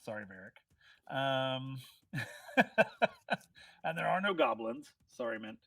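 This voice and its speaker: A man narrating as game master of a tabletop game, chatty and animated, with many fillers. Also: fairly high pitch, slow, gravelly, dry recording.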